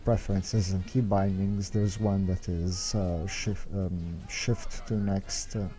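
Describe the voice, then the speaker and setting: Low, dark-voiced man explaining game tactics. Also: level tone, takes it slowly, soft background music. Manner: meandering, explanatory, thinks aloud. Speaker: game strategy guide maker. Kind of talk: unscripted commentary over gameplay footage.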